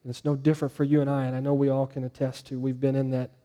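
A pastor preaching a sermon, with animated delivery that rises for quoted lines and drops low and soft on key points. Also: male voice, rapid-fire.

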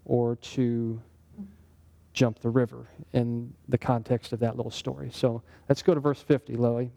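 A man's voice: mid-range voice, level tone, normal speed, vocal fry, warm tone. A man teaching a Bible lesson in a conversational sermon style, often putting questions to his listeners. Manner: conversational, asks the group questions. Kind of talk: interactive sermon.

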